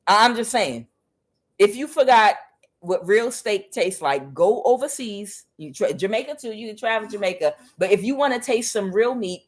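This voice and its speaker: A woman's voice: medium pitch, animated, normal speed. A woman giving a casual tarot reading, talking in a chatty, profane way with many fillers and calling the listener honey and child. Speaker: tarot reader.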